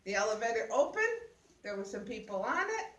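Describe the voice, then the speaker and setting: A woman's voice: on the high side, very animated, brisk, a bit bright. Older woman telling a story, roomy sound. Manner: laughing, exclaiming, acts out voices. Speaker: guest sharing a personal story. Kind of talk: animated storytelling. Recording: roomy sound, mic at a distance.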